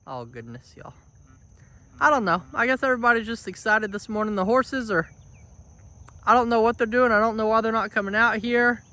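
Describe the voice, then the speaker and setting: A chatty young man talks to his vlog audience outdoors, his voice bright and forward. He repeats phrases and keeps calling the viewers y'all. Crickets and insects chirp in the background. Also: high-pitched, animated, a little fast. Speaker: homestead vlogger. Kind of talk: casual vlog talk to camera. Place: outdoors on a rural homestead.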